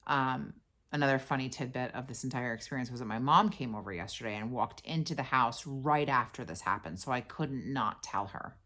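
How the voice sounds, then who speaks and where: A tired woman hosting her podcast, telling a story in a blunt, profane, animated way. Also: extremely low pitch, brisk. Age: adult with a young daughter. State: tired and worn out. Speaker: podcast host. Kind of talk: casual venting monologue.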